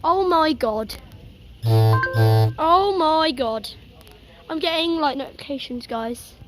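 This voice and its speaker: Out in a thunderstorm with a handheld or propped camera, a storm-chasing vlogger talks live to her viewers in a high-pitched voice at a slow pace. She's excitable, gasping and repeating "oh my God" as rain, wind and thunder sound around her, with music in the background.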